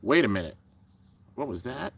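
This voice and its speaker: A young man hosting a live reaction, commenting excitedly and often breaking into loud exclamations. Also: medium pitch, normal speed, vocal fry, breathy edge. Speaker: channel host reacting to an anime episode. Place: home room with a fan, traffic outside.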